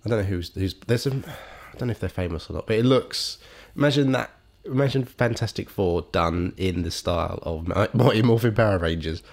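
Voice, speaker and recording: A man in his thirties with a British accent, co-hosting a podcast and chatting casually about films in an animated, exasperated way. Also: fairly low pitch, brisk, gravelly, few pauses. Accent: British English. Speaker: podcast co-host. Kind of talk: casual film chat.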